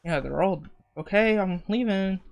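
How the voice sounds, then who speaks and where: In a high voice with vocal fry, a gamer talks a little slowly as he plays a video game. His let's-play commentary is casual, profane and joking, spoken to himself as he goes.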